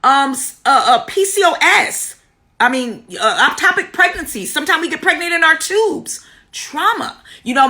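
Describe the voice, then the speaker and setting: High bright-voiced woman sharing testimony. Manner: personal, greets viewers by name mid-story; earnest, repeats key words for emphasis. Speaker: womb healing teacher. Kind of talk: live stream testimony and teaching.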